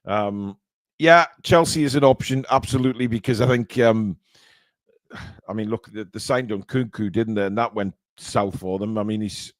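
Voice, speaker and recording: Man, football podcast host, halting with many fillers, dry close sound. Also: lowish voice, no room sound. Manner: halting, lots of fillers and restarts. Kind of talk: casual football chat.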